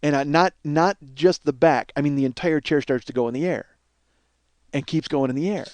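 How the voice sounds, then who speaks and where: A man in his forties, a podcast host telling a comedic story in a casual, animated way, swearing and laughing along. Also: fairly high pitch, moderate pace, smooth, no echo. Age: 40s.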